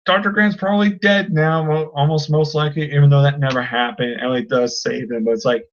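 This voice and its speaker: A movie vlogger rants casually and in exasperation, full of fillers and restarts. The pitch is moderate. The audio is dull and lo-fi. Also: fairly even intonation, a little fast, hardly any pauses. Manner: exasperated, ranting, many fillers. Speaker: film reviewer. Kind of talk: casual vlog rant.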